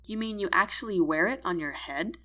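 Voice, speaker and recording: A woman's voice: medium pitch, animated, fairly quick, sharp tone. A woman voicing a drowsy, teasing young woman roommate in an audiobook, mumbling playfully. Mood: friendly.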